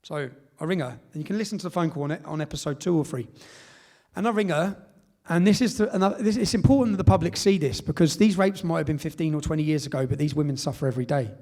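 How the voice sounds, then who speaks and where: A man's voice: fairly high pitch, fast, darkish tone. Emphatic man telling stories on stage. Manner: emphatic storytelling with tag questions and reported dialogue. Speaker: public speaker. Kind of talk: speech at a live event.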